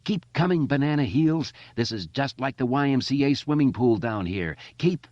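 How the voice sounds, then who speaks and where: A man's voice: medium pitch, wildly swooping pitch, normal speed, dry recording, voice pushed up. A man voicing a brash, wisecracking boy, reading in a slightly dull, lo-fi recording. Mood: taunting, shouting. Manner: joking, brash. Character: wisecracking boy, loud joker.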